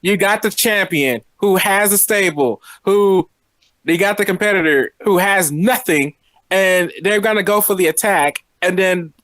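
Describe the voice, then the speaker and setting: A man's voice: sits high, fairly bright tone, dry recording. A man co-hosting a casual wrestling podcast, rambling through his points and speeding up when he gets going. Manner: rambling, fast when worked up. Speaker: podcast co-host.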